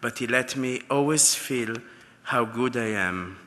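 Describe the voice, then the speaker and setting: Medium in pitch, unhurried, bright and forceful, a man's voice fills a large gala ballroom during his acceptance speech. He tells heartfelt stories from his life, and the hall adds a long reverb.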